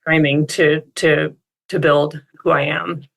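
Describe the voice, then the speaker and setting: A woman's voice: low-pitched, level tone, slow, vocal fry, fairly bright tone. A woman speaking as an expert guest on a coaching call, reflective and upbeat, with many casual fillers.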